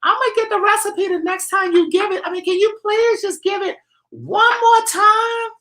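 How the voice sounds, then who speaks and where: A man voicing a pleading female fan who begs for a recipe again, in a whiny high falsetto. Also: steady tone, moderate pace, pushed and bright.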